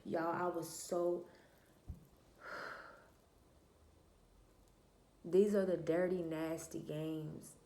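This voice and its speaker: A woman's voice: lowish voice, level tone, very slow, pauses often, mellow. Blunt woman telling her story, roomy echo. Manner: candid and blunt, swears freely, addresses viewers as y'all; emphatic, repeats herself and trails off with "da, da, da". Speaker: vlogger telling a personal story. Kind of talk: casual storytime monologue.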